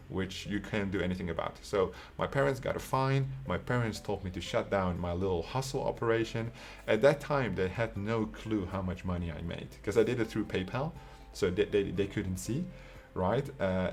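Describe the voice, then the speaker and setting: A Dutch man in his twenties with a Dutch accent, telling a personal story in a casual, profane way and often tagging his sentences with "right?". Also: deep voice. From Netherlands. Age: 20s. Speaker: online coach.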